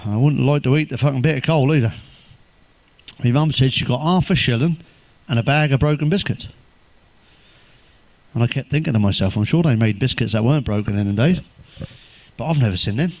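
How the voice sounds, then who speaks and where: English male comic, foul-mouthed deadpan joke-teller, dry close sound. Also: mid-range voice, fairly quick, long pauses, no room sound. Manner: swears constantly, deadpan one-liners, chuckles at own jokes. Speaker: stand-up comedian. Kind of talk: crude stand-up joke telling.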